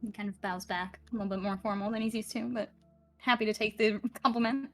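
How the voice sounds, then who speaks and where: A woman's voice: mid-range voice, steady tone, fast, faint music behind. A woman game master narrating a tabletop game in a chatty, amused way.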